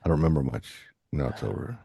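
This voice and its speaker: A man's voice: rumbling low, very animated, quick pace, gravelly, noisy background. A man co-hosting a podcast in a laid-back way, mostly giving short replies and murmurs of agreement. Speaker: podcast co-host. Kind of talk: casual chat.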